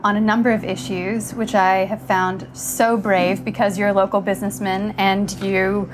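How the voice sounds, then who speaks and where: A woman podcast host asking a guest careful, measured interview questions. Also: mid-range voice, level tone, background noise.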